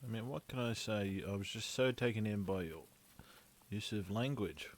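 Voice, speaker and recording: A man's voice: fairly low pitch, normal speed. A man with an Australian accent giving casual, sarcastic commentary while streaming a game. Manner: wry, sarcastic asides.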